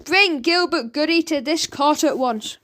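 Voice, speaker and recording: A woman playing a stern, slow male judge. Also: sits high, fairly bright tone, voice pushed up. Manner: slow, commanding.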